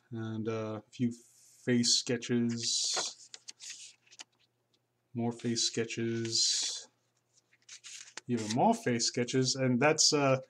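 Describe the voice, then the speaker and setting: A man casually narrating a tour of his old sketchbook, rambling with many fillers and restarts. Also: medium pitch. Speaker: artist vlogger.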